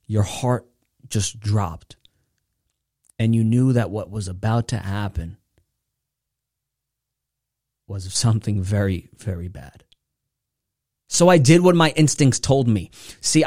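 A man hosting a motivational podcast, telling a personal story with intensity, his voice swinging between hushed and loud. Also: on the low side, no room sound, clean studio sound.

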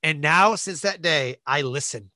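A man guest on a podcast, telling a personal story in an animated way and acting out the voices of people in it. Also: a little high, measured pace, no room sound. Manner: animated, acts out voices in his stories, many fillers like "like".

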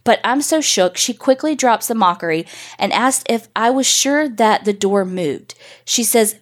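A woman podcast host reading a first-person paranormal story in a casual, profane, animated way. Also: on the high side, measured pace.

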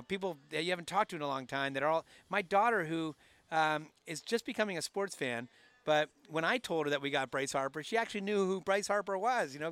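A man in his forties telling animated stories in a casual chat from a broadcast booth, with frequent restarts. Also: on the high side, clear, resonant tone, no echo. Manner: animated storyteller with many restarts. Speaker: team staff member, podcast co-host.

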